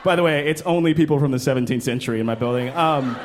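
A man doing a stand-up routine on a club stage, animated and laughing, jumping to shrill voices for quoted people. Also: fast, some chatter behind, slight background noise. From Brooklyn. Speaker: stand-up comedian.

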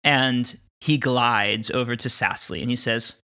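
Bright-voiced male game master narrating. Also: mid-range voice, steady tone, clear, resonant tone. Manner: storytelling, unhurried and descriptive.

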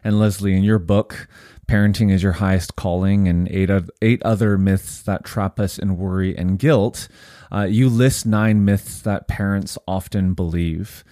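A man's voice: low voice, steady tone, a little slow, mellow, dry recording, studio quality. A man hosting a podcast interview who asks questions and affirms his guest eagerly. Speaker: podcast host.

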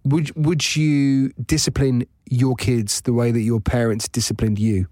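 A man's voice: medium pitch, level tone, a little slow, darkish tone, no room sound. A man chatting casually as a co-host, teasing his friend and laughing often. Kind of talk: casual chat.

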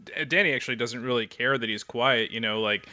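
A man's voice: medium pitch, brisk, sharp tone. A man playing a tabletop game, hesitant and thinking aloud. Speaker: player.

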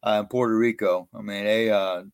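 A man's voice: on the low side, a little fast, smooth, no echo. Middle-aged guy telling stories on a podcast, jokey about himself, dry close sound. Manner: animated, self-mocking storyteller. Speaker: guest. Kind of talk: storytelling interview.

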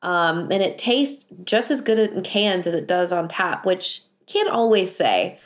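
Chatty woman on a podcast, raspy, hoarse from a cold, talks slow. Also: fairly low pitch, expressive. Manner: enthusiastic, chatty. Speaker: podcast co-host. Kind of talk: casual chat.

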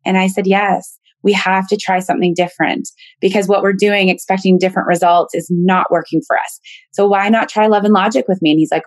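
A woman telling candid, animated personal stories in a casual podcast conversation. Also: mid-range voice, a little fast, no echo.

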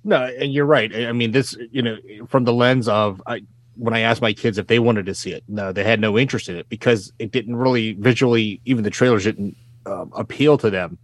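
A man in a casual film discussion who thinks aloud, halting and filling pauses as he talks. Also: lowish voice, no echo.

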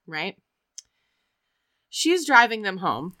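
Bright-voiced woman telling a wild story. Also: medium pitch, unhurried. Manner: animated, acts out quoted characters, lots of "like". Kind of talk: casual chat.

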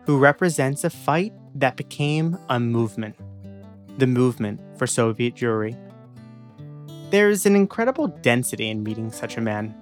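A man's voice: mid-range voice, lively intonation, normal speed, soft background music. A young man hosting a podcast, narrating a scripted intro earnestly and then asking questions. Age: young adult. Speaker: podcast host.

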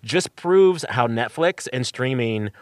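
A man hosting a radio interview from home, chatty and quick to laugh. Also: mid-range voice, lively intonation, dry recording. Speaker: radio show host. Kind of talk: conversational interview.

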